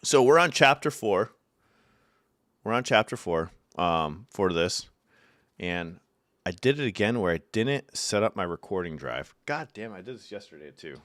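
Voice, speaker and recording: A young man with a very low, smooth, resonant voice, talking casually to his live chat from home. He reads out messages, answers in a loose and profane way, and laughs at his own stories. The sound is close and dry, with no room echo. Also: very animated, moderate pace, fairly bright tone. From Syracuse, New York.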